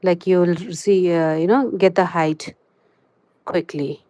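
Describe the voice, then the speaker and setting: Her voice is low, steady and mellow, heard on a muffled recording with no room sound. Streaming a live crochet tutorial and chat, the chatty woman plugs pauses with "you know."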